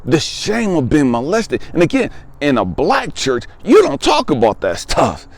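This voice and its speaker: Animated, emphatic man in his fifties. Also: fairly high pitch, a little slow, gravelly, no room sound, faint music behind. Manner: emphatic, conversational, repeats phrases for weight. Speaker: spiritual life coach. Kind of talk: personal testimony monologue.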